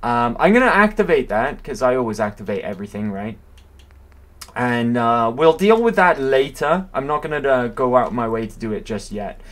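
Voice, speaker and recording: A man's voice: mid-range voice, lively intonation, normal speed, fairly bright tone. A man casually commentating his own gameplay, chatty and playful, often correcting himself. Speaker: game streamer. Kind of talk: casual let's-play commentary.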